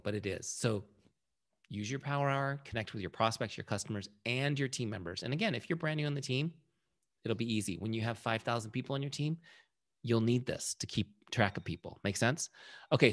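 A man's voice: medium pitch, a bit bright. A man leading a casual sales training session, telling a story and acting out quoted lines in a conversational way.

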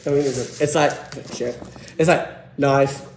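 A man giving excitable, giggly, rambling commentary as a vlogger. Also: a little high, normal speed, slight background noise. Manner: excitable, giggly, jumps between topics. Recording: echoey room.

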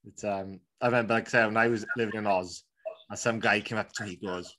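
Welsh man, podcast host, slightly low voice, easygoing chat. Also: fairly quick. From Wales. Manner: relaxed, chatty, with many fillers.

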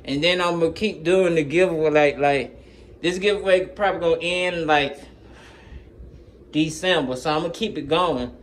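A man's voice: fairly high pitch, moderate pace, slight background noise. A man chatting casually to his channel, rambling in slang and laughing often as he jumps between topics, recorded on a phone. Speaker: gaming YouTuber. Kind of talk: casual vlog chat.

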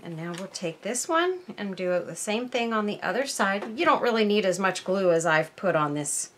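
A woman's voice: medium pitch, expressive, normal speed, fairly bright tone, slight background noise. A woman hosting a casual crafting tutorial at her workbench, chatting to viewers and thinking aloud as she works. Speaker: crafting channel host.

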